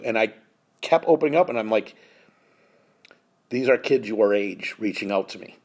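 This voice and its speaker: A man's voice: medium pitch, moderate pace, pauses often. A man in his fifties hosting a podcast, telling an emotional personal story in an earnest, heartfelt way that turns choked up at times. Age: 50s. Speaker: podcast host.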